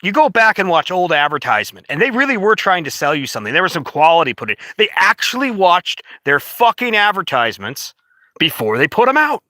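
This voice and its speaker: Lively, bright-voiced man ranting. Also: sits high, a little fast, dry recording. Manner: profane, rambling, indignant. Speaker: vlogger. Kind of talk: casual rant to camera.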